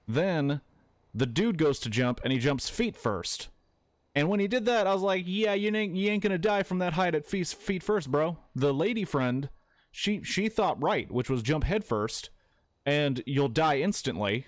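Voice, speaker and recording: A man streaming a game while retelling a film in a casual, excitable way, swearing often and with plenty of fillers. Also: medium pitch, dry recording. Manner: excitable, profane storytelling with many fillers.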